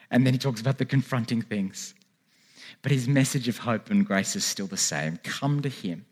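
A man's voice: on the low side, slightly rough. A man preaching a sermon in a church, with earnest, pleading calls to turn to God. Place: church hall with a congregation.

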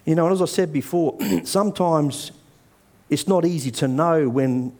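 A man's voice: a little high, normal speed, darkish tone. A middle-aged man, preaching a sermon in a conversational, earnest way and telling a personal story.

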